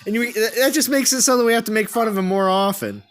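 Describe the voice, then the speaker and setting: Male streamer, high bright voice, playful and joking, greets chat. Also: fast. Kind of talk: casual chat on a group stream.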